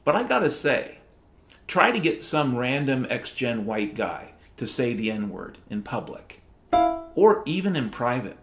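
A man's voice: mid-range voice, very animated, unhurried, fairly bright tone. Man, middle-aged, comedic spoken-word rant, profane and rambling, echoey room, music in the background. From Washington state, USA. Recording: roomy echo with music underneath.

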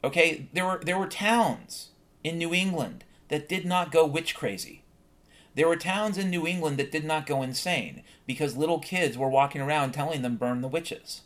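A man's voice: fairly high pitch, normal speed, a bit bright. A man hosting a solo podcast, ranting bluntly and swearing often in a heated monologue. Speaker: podcast host.

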